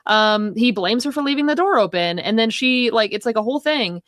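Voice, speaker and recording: A woman's voice: on the high side, animated, fairly quick, a bit bright, no echo, clean studio sound. A woman co-hosting a film talk show, venting in a rambling, heated way with lots of swearing. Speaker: podcast co-host. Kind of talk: casual film discussion.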